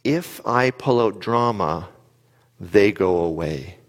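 Male speaker, very low voice, animated storyteller who quizzes the audience, long hall reverb. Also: slow pace. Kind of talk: live motivational talk.

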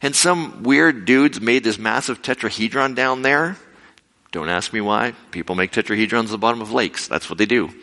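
A man telling a lively story in a sermon, acting out his own quoted lines with sudden leaps in pitch. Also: normal speed. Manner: animated, acts out quotes with big pitch jumps. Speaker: preacher. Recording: echoey hall with long reverb.

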